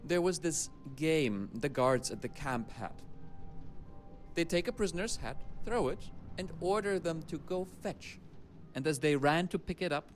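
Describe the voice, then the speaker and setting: A man's voice: on the high side, lively intonation, a little slow, faint music behind. An actor with a German accent playing a dry, world-weary male archivist in a video game, with a clipped, matter-of-fact delivery. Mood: grave. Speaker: game character. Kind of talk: game voice acting.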